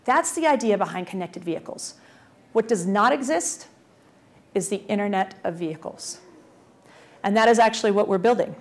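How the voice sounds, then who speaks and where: Brief: an energetic woman presenting at a conference, asking the audience questions, medium-pitched voice. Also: moderate pace, pauses often. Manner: energetic, uses rhetorical questions. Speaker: conference speaker, transportation official.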